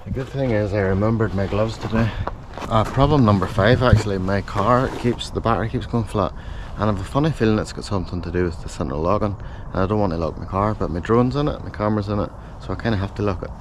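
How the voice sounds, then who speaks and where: Casual low-voiced man thinking aloud. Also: fast, few pauses, background noise. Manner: rambling, thinks aloud, self-correcting. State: out of breath while running. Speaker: running vlogger. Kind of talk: casual self-filmed vlog. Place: outdoors, in a park. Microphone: handheld camera mic.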